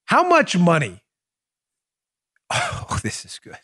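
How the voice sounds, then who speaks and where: Here the male host has a high, husky, fairly bright voice that moves slowly and swings hugely in pitch. On his political talk show he gives emphatic, opinionated commentary, leaning on rhetorical questions, restarting sentences, and appealing directly to the "folks" listening.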